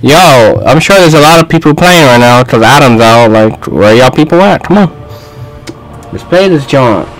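A young man giving casual gaming commentary, trash-talking and shouting at a fighting game. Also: takes it slowly, pauses often, no room sound, rough recording. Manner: excitable, shouts and trash-talks at the game, swings loud and high. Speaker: gaming YouTuber. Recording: faint music behind.

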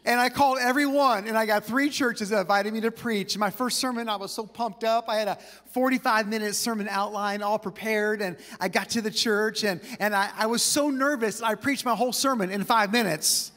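A man preaching a sermon to a church, telling personal stories with quick asides and light laughter. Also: sits high, fairly even intonation, a bit bright. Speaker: pastor. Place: church auditorium with long reverb. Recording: reverberant church hall.

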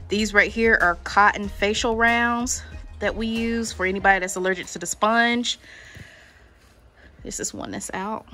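A woman's voice: medium pitch, pushed and bright. A young adult woman giving a casual tour of her spa treatment room, listing items in a chatty way with lots of "like" and "um". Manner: chatty, filler-heavy listing with many "like" and "um". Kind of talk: casual walkthrough vlog.

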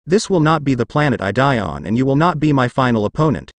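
A man's voice: mid-range voice, animated, fast talker, lightly acted. A man voicing a furious sneering warrior woman. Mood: raging. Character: arrogant fierce female alien warrior villain.

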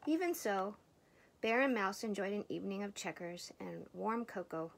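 An older woman reading a picture book aloud, expressive and dropping into soft whispers. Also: medium pitch, normal speed, gravelly. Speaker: storybook reader.

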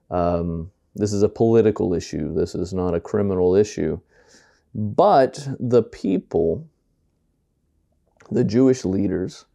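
A man who is a pastor, reading a Bible chapter aloud and explaining it, unhurried and thoughtful with small pauses. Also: deep voice, vocal fry, warm tone. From United States.

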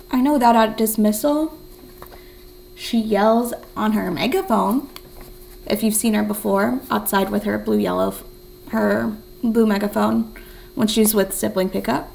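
A woman's voice: medium pitch, vocal fry, a little hiss or hum, rough recording. A young woman teaching a remote writing lesson, encouraging and thinking aloud as she writes. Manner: counts syllables in a soft whisper.

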